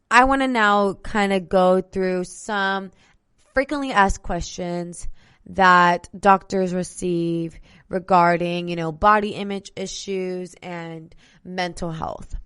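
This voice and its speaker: A woman's voice: lowish voice, a bit bright, smooth. A young adult woman hosting a solo health podcast, talking casually and directly to her listeners, with sarcastic asides. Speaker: podcast host.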